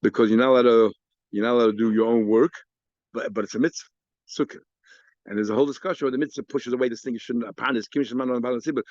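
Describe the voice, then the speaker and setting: A man, a rabbi, teaching an informal Talmud lesson, explaining in quick stop-start bursts with many repeated words and restarts. He acts out the sages' exchanges in a raised, mocking pitch. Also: steady tone, darkish tone, dry recording. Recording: dull, lo-fi lecture recording.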